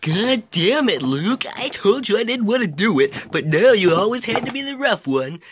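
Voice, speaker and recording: A man's voice: high-pitched, very animated, moderate pace, a bit bright, a little hiss or hum, voice pushed up. A man voicing a grumpy male tag-team wrestler who bickers and complains about his partner. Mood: fed up. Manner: complaining, quarrelsome.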